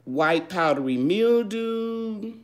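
A woman hosts a live gardening chat in a medium-pitched, animated but slow voice. She reads viewers' questions aloud and answers in a homey, loose way with fillers and restarts, calling people baby.

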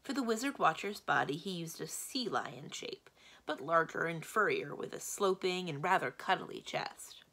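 A woman librarian reading a children's novel aloud, telling the story with steady, expressive narration. Her voice is lowish and bright, with a gravelly texture. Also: normal speed.

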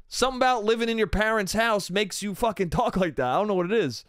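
A man's voice: high voice, quick pace, hardly any pauses, fairly bright tone, no echo, clean studio sound. A man hosting a solo comedy podcast, rambling crudely and saying "dude" and "bro" constantly. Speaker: podcast host.

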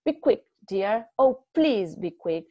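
A woman voicing an anxious, hurried older wife who pleads in a raised, urgent voice. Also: medium pitch, big pitch swings, no room sound, muffled recording. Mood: anxious pleading.

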